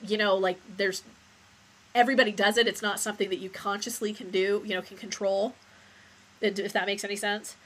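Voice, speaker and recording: A woman's voice: mid-range voice, level tone, a little fast, fairly bright tone, slight background noise, poor audio. A woman co-hosting a casual podcast, reflective and often trailing off and restarting her thoughts. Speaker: podcast co-host. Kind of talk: casual chat.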